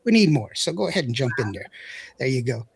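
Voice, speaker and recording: A man's voice: medium pitch, very animated, quick pace, creaky, breathy edge, no room sound. A man hosting a radio show, chatting casually, reading out viewer comments and laughing often. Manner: chatty, laughs often, stumbles over words.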